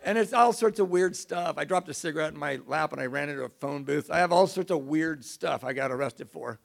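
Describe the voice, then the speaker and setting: A middle-aged man telling a self-mocking recovery story to an audience, in an animated way. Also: a little high, a little fast, creaky. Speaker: speaker sharing recovery story.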